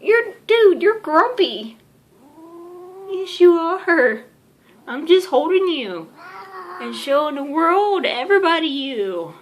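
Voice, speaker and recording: Woman, casual home vlogger, high lively voice, unhurried, slight background hiss, cooing at a pet. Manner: teasing baby talk to a pet, playful scolding. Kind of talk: casual home video talking to her cat. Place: home with a cat.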